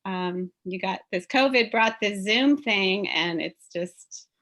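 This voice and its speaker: A woman taking part in an online breathwork session speaks warmly and affectionately to the host, emphatic and laughing often. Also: mid-range voice, takes it slowly. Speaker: session participant and friend of the host. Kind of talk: casual chat on a video call. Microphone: video call.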